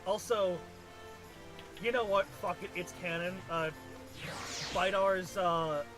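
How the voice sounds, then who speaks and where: Halting, rambling man gamer. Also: high-pitched, steady tone, over music. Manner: rambling, halting, with many restarts and swearing. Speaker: co-player. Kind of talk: casual gaming chat.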